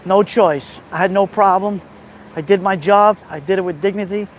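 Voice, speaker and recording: Man, high voice, out of breath, emphatic street vlog, faint traffic noise. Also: normal speed. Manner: emphatic, repetitive, addresses viewers directly. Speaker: vlogger. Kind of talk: walking vlog monologue. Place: outdoors on a city street near a beach.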